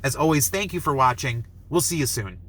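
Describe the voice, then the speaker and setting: A young man reviewing a film, retelling the plot in an excited, rambling way full of "like" and acting out lines. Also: medium pitch, fairly quick. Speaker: movie reviewer. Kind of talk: enthusiastic movie review.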